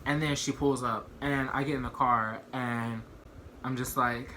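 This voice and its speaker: Young male vlogger, bright forward tone, chatty rambling storyteller with constant fillers. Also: medium pitch, fairly even intonation, unhurried, a little hiss or hum. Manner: rambling, heavy use of "like" and "you know what I mean". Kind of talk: casual storytime.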